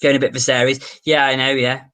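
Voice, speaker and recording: A man's voice: mid-range voice, little pitch movement, brisk, a bit bright, smooth. A man livestreaming, casually reading viewer comments and answering questions in an offhand, chatty way.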